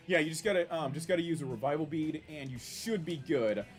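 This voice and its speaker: A man's voice: a little high, moderate pace, soft background music. A man casually chatting while streaming a game, rambling and reacting with many restarts. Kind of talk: casual live-stream commentary.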